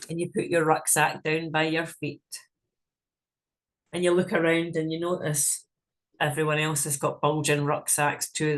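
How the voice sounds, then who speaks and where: A woman leading a guided visualization in a frank, casual way, swearing freely as she talks. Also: low voice. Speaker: meditation guide.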